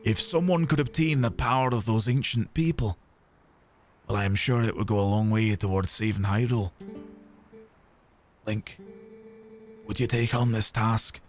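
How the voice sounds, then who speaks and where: A man's voice: lowish voice, moderate pace, pauses often, faint music behind, voice pushed down, close to an everyday voice. A man reading game dialogue aloud, voicing a confident, friendly man with a put-on Scottish accent who urges the hero across a gorge. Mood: persuasive.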